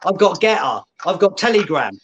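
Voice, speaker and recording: A man's voice: sits high, sing-song, normal speed, fairly bright tone, dull audio. A man on an online call, ranting angrily and swearing constantly, punctuating points with "yeah?". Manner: swearing, combative, repeats "yeah?" for emphasis. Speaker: guest. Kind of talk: angry ranting on a livestream.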